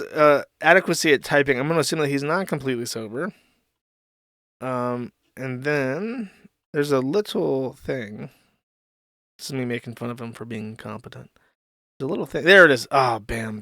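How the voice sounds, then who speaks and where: A man's voice: medium pitch, expressive, normal speed, long pauses, a bit bright, no room sound, clean studio sound. A man hosting an online commentary show, talking casually with a sarcastic, mocking edge and plenty of swearing.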